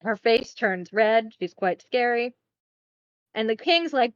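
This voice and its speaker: A woman's voice: a little high, expressive, takes it slowly, clear, resonant tone, dry recording, lo-fi sound. A woman hosting a podcast, casually recapping a film in a chatty, rambling way with some swearing. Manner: chatty, swearing, rambling with fillers and self-corrections. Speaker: podcast host.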